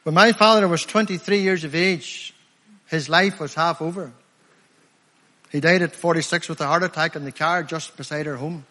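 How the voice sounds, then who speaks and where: A fervent middle-aged preacher with a Northern Irish accent, his voice pitched high for a man. He leans hard on key phrases, stretching them out for weight. The sound rings with the long reverb of a large hall. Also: steady tone, sharp tone. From Northern Ireland. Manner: fervent, emphatic, slows down to stress key phrases. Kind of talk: evangelistic sermon.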